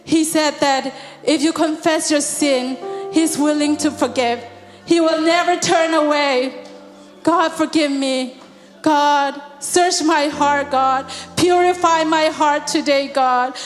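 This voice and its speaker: A woman's voice: high-pitched, fairly even intonation, takes it slowly. A woman leading fervent prayer in a church service, ending nearly every phrase with God and rising into song now and then. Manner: repeats God after each phrase, swells into singing. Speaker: prayer leader. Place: church hall. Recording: long hall reverb with soft music behind.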